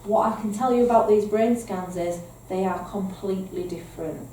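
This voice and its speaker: A woman's voice: medium pitch, normal speed, dark tone, a little hiss or hum. Northern English woman training foster carers. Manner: explanatory, repeats points with rhetorical "okay?". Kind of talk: training presentation. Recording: echoey room, mic at a distance, faint ambience.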